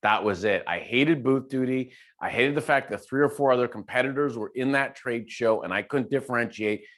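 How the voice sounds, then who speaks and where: A man speaking as a guest speaker in a casual conversational interview, animated, often restarting and repeating words as he tells stories. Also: medium pitch, a little fast.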